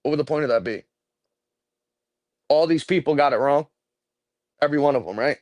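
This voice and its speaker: A man's voice: a little high, fairly quick, no echo, highs cut off. A man co-hosting a live stream in casual chat, heated and profane, often repeating himself.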